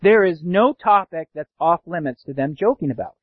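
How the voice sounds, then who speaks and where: A pastor preaching a sermon, animated, sometimes acting out sarcastic voices. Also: male voice, a little high, normal speed, no room sound. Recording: dull dry lo-fi sound.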